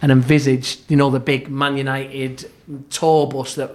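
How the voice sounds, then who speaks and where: Speaking as a podcast guest, this middle-aged former football club therapist shares anecdotes at an ordinary pitch and a slightly slow pace. He talks in bursts, restarting phrases as memories surface, acting out what others said and dropping to a near murmur when things get tense.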